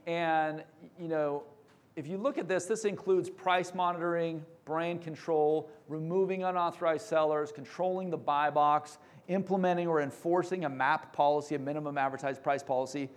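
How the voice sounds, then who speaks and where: Brief: male presenter, fairly high voice, lively pitch, pitch, casual business talk, energetic. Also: moderate pace. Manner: energetic, joking, with fillers. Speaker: company presenter.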